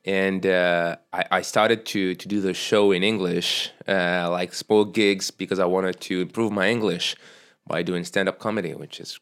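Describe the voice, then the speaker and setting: Dude hosting, lowish voice, halting english with lots of uhs. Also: male voice, steady tone, a bit bright, clear, resonant tone. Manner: halting, hesitant phrasing, lots of fillers. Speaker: podcast host. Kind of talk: casual interview chat.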